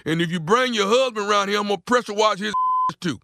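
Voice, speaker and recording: A man's voice: sits high, fast talker, vocal fry, sharp tone, no echo, studio quality, exaggerated voice. Man playing a stubborn, nosy old neighbor. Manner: blunt, insistent, stammering repeats. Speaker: prank caller, radio show regular. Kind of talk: prank phone call role-play.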